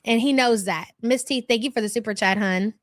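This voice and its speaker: A woman's voice: a little high, brisk, no room sound. A middle-aged woman hosting a casual live stream, chatting in a gossipy way and reading viewer comments aloud.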